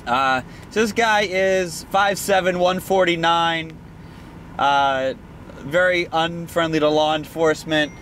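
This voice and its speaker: A man's voice: a little high, slow, a bit bright, a little hiss or hum. A man hosting a bounty hunting vlog, talking in a casual, joking, rambling way from inside a car. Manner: joking, laid-back, rambling. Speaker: bounty hunter host.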